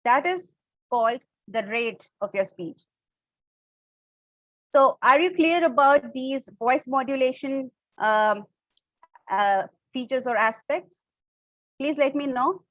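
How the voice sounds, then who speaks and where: A woman's voice: sits high, takes it slowly, long pauses, fairly bright tone, no room sound, poor audio. A woman with an Indian English accent, teaching a public speaking class online, explaining step by step and checking in with her listeners. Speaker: public speaking workshop instructor.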